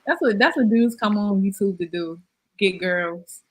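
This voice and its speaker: A woman's voice: medium pitch, moderate pace. A woman hosting a casual chat, telling stories animatedly and acting out the people she quotes. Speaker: YouTube host.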